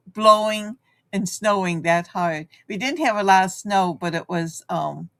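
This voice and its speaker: Slow-talking middle-aged woman co-host. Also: medium pitch, a bit bright. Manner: chatty, rambling, laughs often. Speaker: radio show co-host. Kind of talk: casual chat.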